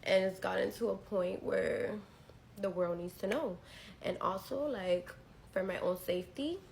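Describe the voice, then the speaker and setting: A woman's voice: mid-range voice, a little slow, creaky, slight background noise, low-quality recording. A woman with a sick voice, talking casually to her viewers as she starts a storytime. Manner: chatty, addresses viewers directly.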